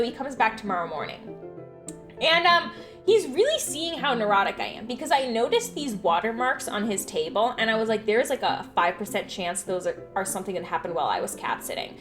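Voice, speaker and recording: A young woman with a slightly high voice chats casually on a stream, telling her stories with lively energy and plenty of swearing. Faint game music plays softly underneath her voice. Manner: animated storytelling, swears freely. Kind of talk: casual chat.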